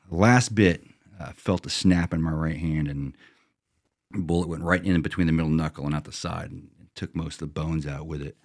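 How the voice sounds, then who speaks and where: Very deep gravelly-voiced veteran man. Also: a little mellow, dry recording, studio quality. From United States. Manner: plain-spoken, profane, relives moments through quoted self-talk. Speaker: veteran guest telling a combat story. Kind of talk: casual storytelling.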